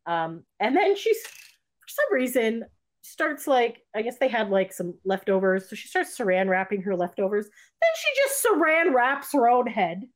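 A woman's voice: fairly high pitch, sing-song, unhurried. A woman casually retelling a movie plot to friends, rambling with lots of fillers and restarts, and acting out the characters' lines. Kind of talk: casual chat.

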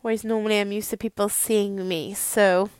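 A woman's voice: mid-range voice, level tone, normal speed, darkish tone, clean tone, no echo. A young woman with a Welsh accent hosting her podcast, chatting in a rambling, self-deprecating way while lying on her bed talking into a microphone. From Wales. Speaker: podcast host. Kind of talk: casual chat.

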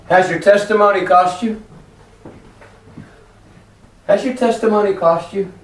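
A man preaching a lively sermon in a church hall, acting out voices as he tells stories. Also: high-pitched, slow pace, pauses often. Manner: animated, acts out voices in stories. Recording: echoey hall, from far off, faint noise.

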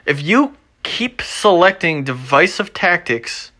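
A young man hosting his own show, ranting off the cuff with constant swearing, moving between low mumbles and loud agitated outbursts. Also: big pitch swings, takes it slowly. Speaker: podcast host. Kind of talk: unscripted ranting monologue.

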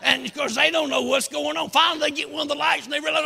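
Man, preacher, high gravelly voice, lively shouting, long hall reverb. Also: fast talker, few pauses, some chatter behind. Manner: shouting, hollering storyteller with whoops. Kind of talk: sermon with a folksy tall tale.

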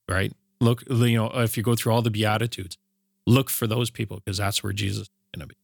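A man co-hosting a casual faith discussion, easygoing and self-deprecating, often speaking softly. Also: lowish voice, fairly even intonation, a little fast, vocal fry, dry recording, clean studio sound. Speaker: podcast co-host.

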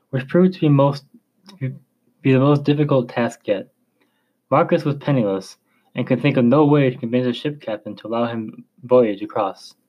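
A man narrating a chapter of a story in a slow, measured reading voice. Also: mid-range voice, lo-fi sound.

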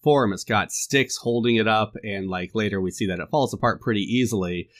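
A man's voice: on the low side, fairly quick. A man co-hosting a casual film podcast, musing and self-deprecating, laughing often. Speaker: podcast co-host. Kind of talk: casual film-discussion chat.

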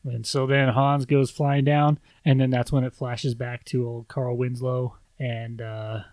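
A man's voice: medium pitch, little pitch movement, unhurried, a little mellow, no room sound. A man co-hosting a podcast, casually recapping a movie plot in a rambling way. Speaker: podcast co-host.

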